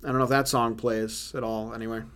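A man hosting a casual movie-review chat, animated and profane, often laughing as he talks. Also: medium pitch, fast talker, smooth. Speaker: podcast host.

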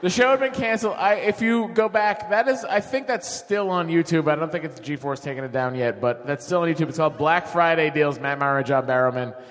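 A man co-hosting a live podcast on stage, telling excited, jokey anecdotes. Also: a little high, a little fast, few pauses. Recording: theater reverb.

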